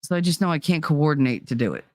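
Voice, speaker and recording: A woman with a deep voice talks quickly and with lively intonation, recorded cleanly in the studio with no echo. As streamer and host of the channel, she spins loose, rambling stories for her livestream, leaning on "like" and "you know" and laughing from time to time.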